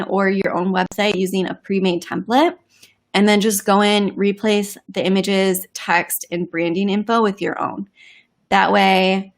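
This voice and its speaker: A woman on a live marketing webinar who gives advice in a casual, conversational way with fillers. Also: mid-range voice.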